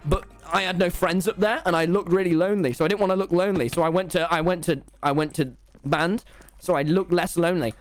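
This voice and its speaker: A man's voice: quick pace, soft background music. A young man, a gaming streamer telling a dramatic school story to his chat while he plays. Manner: excitable, dramatic storyteller with big pitch swings.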